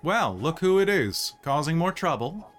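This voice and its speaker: A commanding woman soldier giving curt, authoritative orders, as a male game master puts her on. She is a fantasy patrol leader speaking in a clipped, no-nonsense way, with soft music playing underneath. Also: fairly high pitch, sing-song, normal speed, voice pushed up. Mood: stern.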